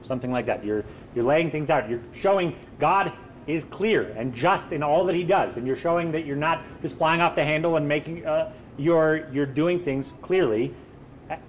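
A man's voice: mid-range voice, a little hiss or hum. A man preaching a sermon in an emphatic way, posing rhetorical questions and answering them himself.

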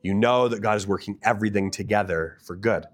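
A man's voice: on the low side, brisk. A man preaching a sermon as a pastor, earnest and asking the listeners direct questions.

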